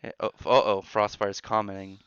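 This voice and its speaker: Bright rambling man streaming from barracks. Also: on the low side, monotone, clean tone, no echo. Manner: rambling, quick asides, many restarts. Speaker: streamer host reading chat. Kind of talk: casual live-stream chat. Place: military barracks room. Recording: dull lo-fi sound.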